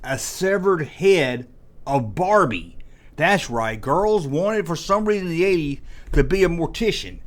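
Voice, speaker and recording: A man's voice: fairly high pitch, animated, unhurried. A man in his forties hosting a comedic rant, sarcastic and full of mock exasperation. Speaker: host.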